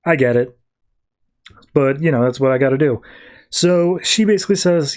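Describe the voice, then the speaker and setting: A man on a podcast recapping a comic book plot, retelling the scenes in quick, loose quoted back-and-forth with lots of fillers. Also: fairly high pitch, darkish tone. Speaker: podcast host.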